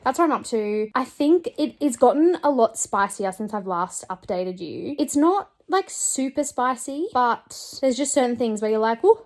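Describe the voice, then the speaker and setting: A woman chatting casually in a book vlog, emotional and animated as she reacts to her reading. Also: on the high side, moderate pace, few pauses. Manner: chatty, emotional, reads passages aloud. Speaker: book vlogger.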